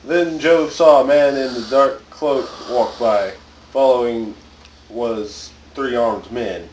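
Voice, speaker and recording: A man's voice: mid-range voice, slow, a little mellow, echoey room, distant mic, a little hiss or hum, rough recording. A man casually reading a story aloud to friends, stumbling over words now and then. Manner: casual, stumbling, laughs often. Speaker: story reader. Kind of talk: joking comedic reading aloud.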